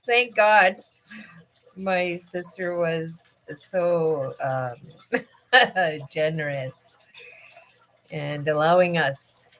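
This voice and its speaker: Slow, low-voiced tired woman. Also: a bit bright. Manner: halting, many fillers, laughs often. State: tired, yawning. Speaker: livestream host. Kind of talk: casual livestream chat.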